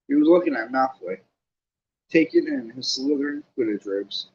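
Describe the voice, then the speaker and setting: Lively male audiobook reader. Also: mid-range voice, moderate pace, lo-fi sound. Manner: lively reading with casual asides. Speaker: narrator. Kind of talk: audiobook reading.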